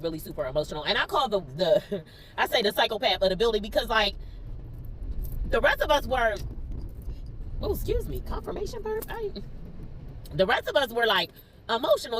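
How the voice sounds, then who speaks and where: A woman's voice: mid-range voice, fairly quick, low-quality recording. A young woman with a Philadelphia accent tells her story straight into her phone, close to tears the whole time. Her voice rises and falls widely as she talks. Faint noise hums under the recording. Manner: tearful, expressive, talks straight to viewers. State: near tears. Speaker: teacher. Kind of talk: emotional storytime vlog. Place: in a car.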